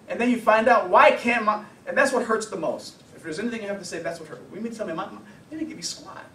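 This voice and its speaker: High-voiced man lecturing in an echoey room. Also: distant mic, a little hiss or hum. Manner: lively, asks rhetorical questions. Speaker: anger management counselor. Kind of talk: workshop lecture.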